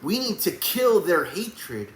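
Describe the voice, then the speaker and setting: A man preaches with a fairly high, lively voice that leaps between hushed pleading and fiery shouting. His sermon rings around an echoey room with a faint hum of noise behind him. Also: slow pace.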